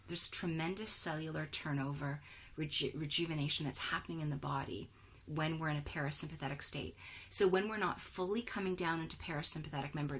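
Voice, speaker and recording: A woman presenting an online wellness workshop over a video call, affirming participants and reading their chat replies aloud with quick words of praise. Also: deep voice, a bit bright, a little hiss or hum.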